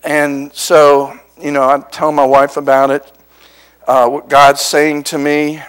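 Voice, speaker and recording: Male pastor, middle-aged, unhurried sermon delivery, storytelling that swells into passion. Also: on the high side, completely flat delivery, a bit bright, clean tone, low-quality recording. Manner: conversational storytelling building to impassioned preaching.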